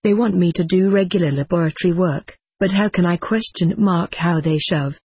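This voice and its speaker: A reader voicing the quoted words of a tired woman in a trance, in an even, measured audiobook reading. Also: mid-range voice, breathy edge, dry recording. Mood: strained.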